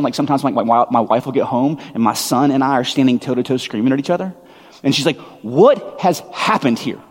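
A man in his thirties preaching a sermon, telling stories in a conversational, animated way with quick asides. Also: mid-range voice, husky. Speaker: pastor. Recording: long hall reverb.

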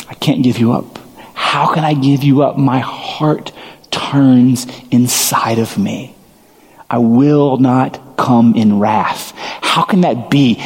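A man's voice: medium pitch, a little mellow. A man preaching a sermon as pastor, earnest and emphatic, repeating phrases for weight. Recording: long reverb of a large hall.

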